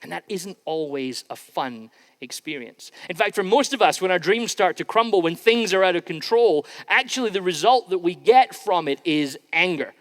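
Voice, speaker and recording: Man, pastor, relaxed conversational sermon delivery, high voice, long church-hall reverb. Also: normal speed. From Scotland. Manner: conversational, informal preaching with frequent restarts. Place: church sanctuary.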